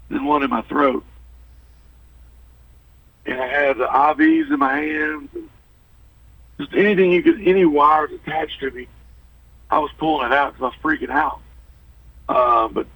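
A man with a drawl talks haltingly and earnestly as a guest in a radio interview. His voice is gravelly and a little husky, heard close and dry with no room sound. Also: on the high side, fairly bright tone, no echo, distant mic, low-quality recording. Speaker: radio show guest, former basketball coach.

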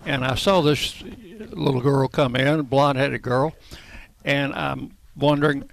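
A man on a radio show telling an anecdote in an animated way. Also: medium pitch, a little slow, creaky.

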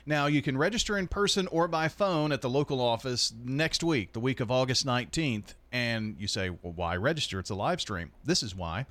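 A man hosting a morning radio show, reading sponsor announcements in a brisk announcer manner with light banter. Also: mid-range voice, lively intonation, fairly bright tone, dry recording. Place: radio studio.

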